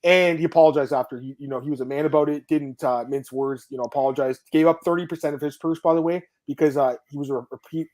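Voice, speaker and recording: A man hosts a sports podcast at a quick clip, his voice sitting a little high. He is excitable and casual, swearing now and then and reacting to viewer comments as he chats. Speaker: podcast host.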